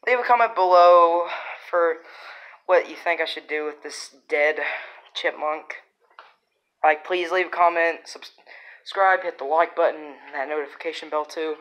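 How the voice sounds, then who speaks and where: A woman's voice: sits low, normal speed, a bit bright, low-quality recording. A woman vlogging at home, exclaiming and teasing as she scolds her cat. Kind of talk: casual vlog narration.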